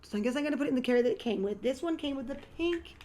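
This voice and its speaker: A woman chatting casually as she unboxes collectible toys and paints her nails, thinking aloud with bursts of excitement. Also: sits high, very fast. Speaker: nail art vlogger. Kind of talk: casual unboxing and nail tutorial chat.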